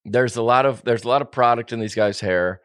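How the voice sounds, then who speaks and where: A man's voice: mid-range voice, fairly quick, a bit bright, clean tone, dry recording, studio quality. A man co-hosting a podcast in casual chat, rambling and joking while he corrects himself. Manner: rambling, jokey, self-correcting. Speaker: podcast co-host.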